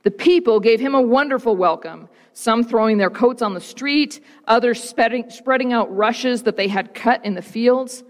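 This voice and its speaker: A woman pastor reading the gospel and preaching, with slow, rhythmic repetition and dramatic pauses. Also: on the high side, big-room sound.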